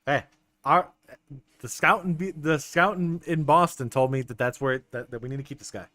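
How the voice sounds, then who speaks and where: A young man streaming a baseball management game, chatting casually with his viewers, excitable and stumbling over restarts. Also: on the high side, normal speed, no echo. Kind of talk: casual gameplay commentary talking to chat. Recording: dry close mic with faint game music.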